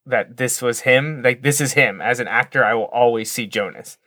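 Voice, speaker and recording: A man's voice: medium pitch, normal speed, bright, forceful tone, dry recording. A man co-hosting a casual podcast, talking while watching a movie, rambling with many restarts. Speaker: podcast co-host.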